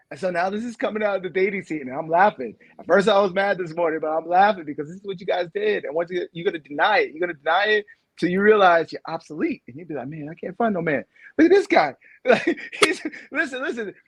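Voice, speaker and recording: A man's voice: high voice, husky, no room sound. A man co-hosting a podcast, ranting in a casual debate and laughing often. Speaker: podcast co-host.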